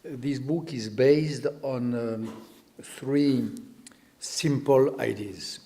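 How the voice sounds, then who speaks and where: An older man, French by birth, speaks English with a clear French accent at a measured, unhurried pace. He gives a public lecture, pausing often to find his words. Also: mid-range voice, dark tone. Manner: slow and deliberate, with many hesitations. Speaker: guest speaker.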